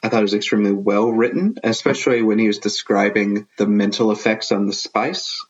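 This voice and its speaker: A man's voice: on the low side, fairly even intonation, fairly quick, slightly rough, dull audio. A man from the American South chatting casually as a podcast co-host, explaining things in a dry, matter-of-fact way. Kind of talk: casual book club chat.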